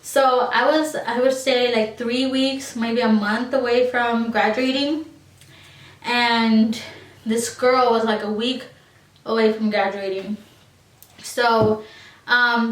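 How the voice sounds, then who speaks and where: A woman's voice: fairly high pitch, far from the mic. A young woman telling a storytime vlog in a chatty, rambling way, with many likes and ums. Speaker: beauty vlogger. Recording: roomy echo, voice a little off-mic.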